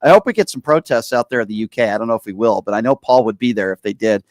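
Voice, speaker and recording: A man's voice: medium pitch, quick pace, no echo, studio quality. A man hosting a call-in talk radio show, speaking emphatically and indignantly to callers.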